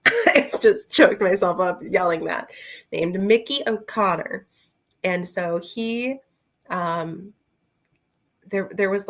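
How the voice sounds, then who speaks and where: Woman booktuber, slow rambling chat, loose and unscripted, filler-heavy. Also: fairly low pitch, a bit bright. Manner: rambling, chatty, full of fillers and asides; talks to her viewers and a friend directly. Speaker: book reviewer. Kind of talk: casual book review chat.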